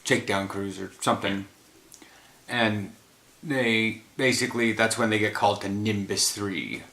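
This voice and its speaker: Tired man rambling, bright and echoey. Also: on the low side, steady tone, a little slow. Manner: rambling, trailing off mid-thought. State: tired after a run. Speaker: host. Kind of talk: casual film chat. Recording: roomy echo.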